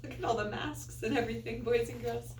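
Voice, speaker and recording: A woman teacher reading a picture book aloud to children, an animated storyteller with playful asides. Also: on the high side, brisk, slight background noise. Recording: echoey room, far from mic.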